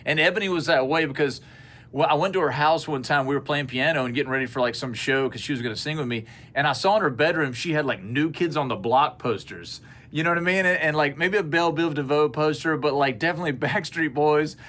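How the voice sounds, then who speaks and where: A man's voice: on the high side, fast. Guy, middle-aged, earnest rambling storyteller for a casual podcast. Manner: rambling, earnest, animated when quoting people. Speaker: podcast co-host. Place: indoor studio space at a co-op.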